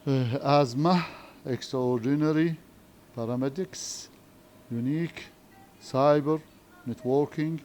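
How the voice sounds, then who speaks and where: Male English teacher, Arabic accent, unhurried, repeats and questions the class; faint room noise. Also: mid-range voice, a little mellow. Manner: slow, repetitive, frequent questioning tags. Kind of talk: classroom lesson explanation.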